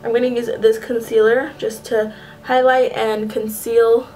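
A woman's voice: on the high side, flat delivery, unhurried, warm tone, poor audio. A young woman talking through a casual makeup tutorial in a chatty way, often stopping to correct herself mid-phrase. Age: young adult. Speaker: beauty vlogger.

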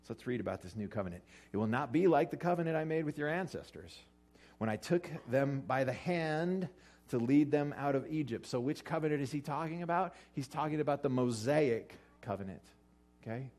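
Animated preaching man, lively delivery. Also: brisk. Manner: animated, joking, acts out quotes with big jumps in pitch. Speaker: pastor. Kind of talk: sermon. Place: church or hall with an audience eating lunch.

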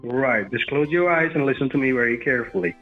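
A bossy, condescending man barking instructions over a tinny phone line. His pitch sits in a middle register, with faint music playing behind him. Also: fast. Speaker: phone scammer. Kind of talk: phone call.

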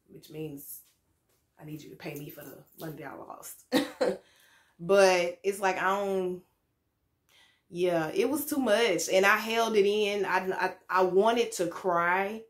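A woman's voice: lowish voice, fairly bright tone. A young woman telling a frank, candid story in a casual vlog, swearing freely and laughing now and then. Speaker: vlogger. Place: home room with lights.

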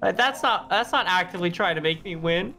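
A man's voice: high voice, lively intonation, fairly quick, gravelly, pushed and bright, faint music behind. A man in a casual online card game with friends, speaking in a wry, hesitant way. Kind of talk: casual gaming banter.

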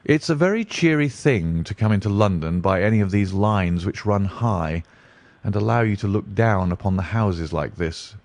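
Aloof genius detective in a storybook, low and deliberate, read by a man. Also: a little mellow, dry recording, natural voice. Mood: musing. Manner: deliberate, musing. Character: brilliant, dreamy male detective, aloof.

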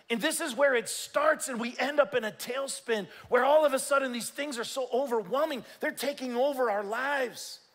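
A man's voice: very high-pitched, fairly bright tone, low-quality recording. A male pastor preaching a sermon in a church, emphatic and calling out to his congregation.

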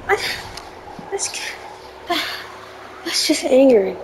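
A woman's voice: sits high, very animated, slow, long pauses, darkish tone, a little hiss or hum, rough recording. Jumpy, easily spooked woman gamer. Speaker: gaming video creator. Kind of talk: live gameplay commentary.

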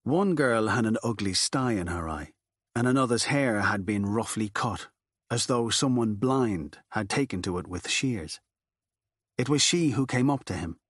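A man narrating a literary novel in a steady, measured audiobook reading. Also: on the low side, breathy edge, no room sound, clean studio sound. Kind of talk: scripted narration.

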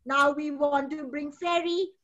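A woman's voice: high voice, fairly even intonation, a little slow, fairly bright tone, highs cut off. A woman, a kindergarten teacher hosting an online fancy dress show, encouraging and storytelling with drama.

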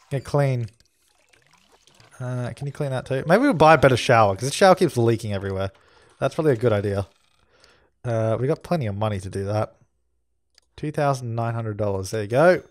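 A man's voice: medium pitch, animated, fairly quick, no echo, clean studio sound. A man hosting a let's play, chatting casually and giving orders to the characters on screen as he plays. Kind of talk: casual gameplay commentary.

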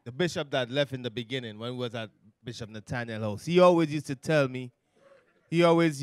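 A man's voice: mid-range voice, a little fast, no room sound, studio quality. A man preaching to a men's gathering, exhorting and asking if they understand. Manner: exhorting, repeats "you understand?".

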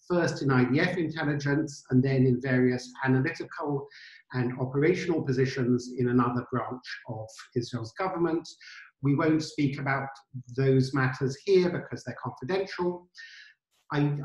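A man's voice: medium pitch, darkish tone. A man hosting an interview over a video call, friendly, with a few stammered restarts. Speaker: interview host. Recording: roomy video call audio.

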